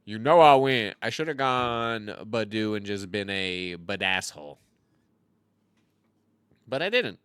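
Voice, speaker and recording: A man in his thirties talks over his own card game in a casual, rambling way, tossing out jokes and mocking himself. His pitch swings widely and his tone is bright and forceful. The sound is dry and close. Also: expressive, unhurried, pauses often, clear, resonant tone, no room sound. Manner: rambling, jokey, self-mocking asides. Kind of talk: casual gameplay commentary.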